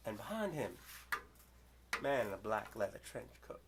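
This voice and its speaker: An older man performing a story poem dramatically, swinging from loud outbursts to hushed whispers. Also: fairly low pitch, sing-song, moderate pace, noisy background.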